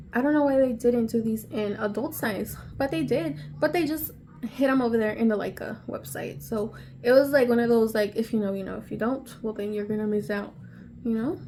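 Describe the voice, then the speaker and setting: A woman's voice: fairly high pitch, slight background noise. Gushing, gasping woman vlogger. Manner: excitable, gasping, gushing exclamations; drops to breathy whispers. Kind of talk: casual unboxing vlog.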